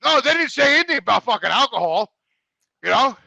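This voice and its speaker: A man's voice: very high voice, sing-song, fairly quick, gravelly, a crowd in the background. A middle-aged man telling a profane comic story, swearing constantly and rising into indignant outbursts. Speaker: show regular, storyteller.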